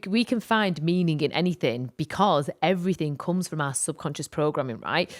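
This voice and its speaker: A woman co-hosting a podcast, telling a personal story in an animated, rambling way with lots of fillers. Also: sits low. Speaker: podcast co-host. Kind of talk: casual storytelling chat.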